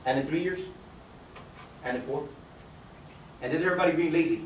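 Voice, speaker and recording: A man giving a persuasive sales pitch at a meeting with guests, quizzing listeners by name with numbers and questions. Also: brisk, long pauses. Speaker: business opportunity presenter. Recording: echoey room, mic far off, faint background noise.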